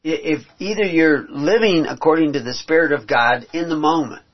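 Reading scripture aloud in a sermon, this man explains it earnestly in a husky voice on the high side, rising to emphatic peaks and restarting haltingly. The recording is dull and lo-fi.

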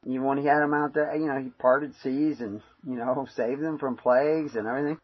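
Guy preaching off the cuff, kinda husky, lots of you knows, muffled sound. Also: medium pitch, steady tone, brisk, no room sound. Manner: rambling, conversational, many fillers. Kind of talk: informal sermon.

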